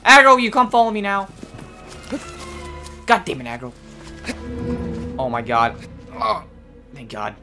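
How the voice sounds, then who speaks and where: A man's voice: sits high, sing-song, measured pace, long pauses. A man giving casual, playful gameplay commentary, swearing and joking as he talks to the creatures on screen. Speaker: let's play gamer. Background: game music.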